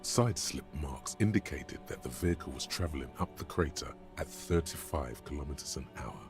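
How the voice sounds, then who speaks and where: A grave game narrator with an extremely low, rumbling voice. He describes scenes in a measured, deliberate way, with game music clearly audible behind him. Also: animated.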